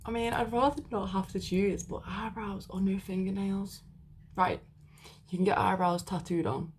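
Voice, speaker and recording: A woman's voice: mid-range voice, fairly even intonation, moderate pace, slight background noise. A young woman chatting casually to camera in a vlog, rambling with lots of fillers. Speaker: vlogger. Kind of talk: casual chat.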